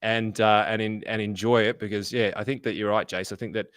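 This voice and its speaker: A man's voice: fairly low pitch, steady tone, fairly quick, fairly bright tone, clear, resonant tone, no echo, clean studio sound. An Australian man co-hosting a finance podcast, talking bluntly and swearing freely in casual chat. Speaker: podcast co-host.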